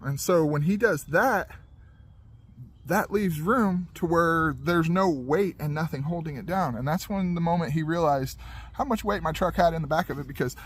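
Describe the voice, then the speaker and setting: Man, slightly high voice, casual storytelling, animated, acting out sound effects. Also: normal speed, slightly rough. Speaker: podcast host telling a life story.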